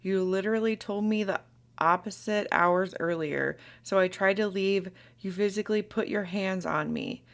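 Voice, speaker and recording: A woman's voice: medium pitch, normal speed, vocal fry, lightly acted. A woman reading aloud the text messages of a hurt young woman accusing her partner, with little acting.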